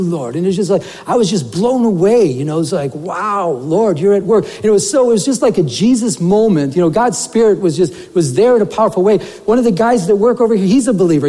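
A man preaching a sermon as a pastor, telling a story in an animated way and saying "you know" often. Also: sits high. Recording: long reverb of a church hall.

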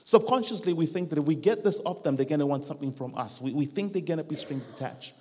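Man preaching with a raised pitch in a reverberant hall. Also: expressive, quick pace, mellow. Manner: rhythmic repetition, acts out quoted voices. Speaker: guest preacher. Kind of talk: sermon. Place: church hall with a live band.

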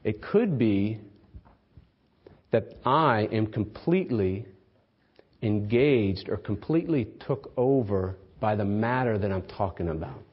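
On a slightly dull lo-fi recording, a pastor with a lowish, husky, expressive voice preaches without hurrying. His style is conversational, full of rhetorical questions to the congregation and lines ending in "okay?" or "right?"

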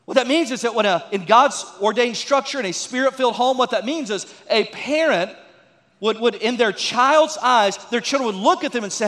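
A man's voice: sits high, brisk, a bit bright, big-room sound. A man preaching a folksy sermon as a pastor, with joking asides and calls to the congregation.

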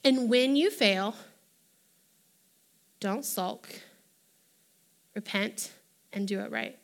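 A woman preaching a sermon in an animated way, acting out the voices she quotes. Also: on the high side, drawn-out words, creaky, pauses often.

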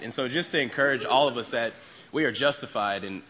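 A man's voice: mid-range voice, a little fast, pushed and bright, slight background noise. A man sharing a short devotional thought in church, talking loosely and casually with small fillers.

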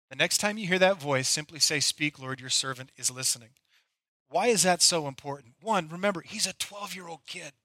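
Bright, high-voiced male pastor preaching. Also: no room sound. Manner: storytelling, conversational preaching. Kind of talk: sermon.

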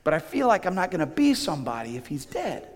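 A man's voice: sits high, huge pitch swings, quick pace, exaggerated voice. This is a pushy, pleading middle-aged mother angling for her sons' advancement, played by a man in a sermon. She wheedles and begs in a raised voice. The sound rings out with the long reverb of a large hall. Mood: anxious. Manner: begging, wheedling.

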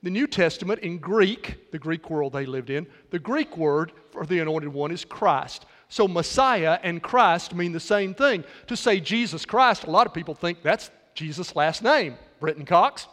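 A man preaching a sermon, with dramatic pauses and shifts between loud and soft passages. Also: high voice. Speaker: pastor. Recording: long hall reverb.

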